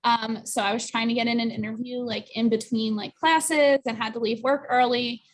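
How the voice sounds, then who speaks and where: A woman recruiter answers panel questions in a relaxed, chatty way, with fillers and quick asides. Her voice sits a little high. She comes through a video call.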